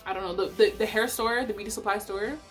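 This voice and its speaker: A young woman from Canada telling a story to her vlog audience, animated and profane, repeating lines for emphasis, recorded on a camera mic in a rented bedroom. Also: mid-range voice, fast, faint music behind. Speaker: vlogger. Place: Airbnb bedroom.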